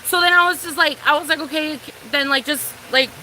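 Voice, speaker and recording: Young woman, storytime vlog, loose and profane, high voice. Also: fairly even intonation, brisk, bright, forceful tone, a little hiss or hum, rough recording. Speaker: vlogger.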